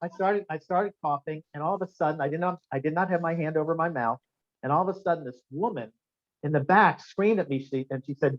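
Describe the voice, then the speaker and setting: The guest speaker here is a man with a slightly high, fast voice, giving an anecdote-filled seminar talk in which he tells lively stories and quizzes listeners. It was recorded in a restaurant function room, and the sound is dull and lo-fi.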